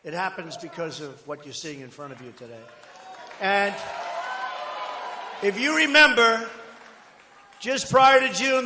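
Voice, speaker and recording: An older man giving a rambling, boastful campaign rally speech, conversational with sudden loud bursts. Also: high-pitched. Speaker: political candidate at a rally. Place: large outdoor rally crowd. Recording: echoey rally PA with crowd ambience.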